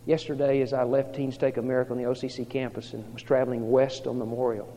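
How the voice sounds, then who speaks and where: A man preaching a sermon, telling a story dramatically as he swings from hushed to loud. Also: mid-range voice, flat delivery, quick pace, a little hiss or hum. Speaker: pastor. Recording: reverberant hall, dull lo-fi sound.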